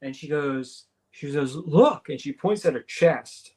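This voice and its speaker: A man's voice: mid-range voice, a little slow, a little mellow, breathy edge. A man, a radio show guest, telling a story casually and acting out the dialogue, with many restarts.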